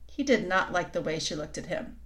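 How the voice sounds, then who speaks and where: A woman narrating a children's book aloud in a calm, even storytelling manner. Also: fairly low pitch, a little fast.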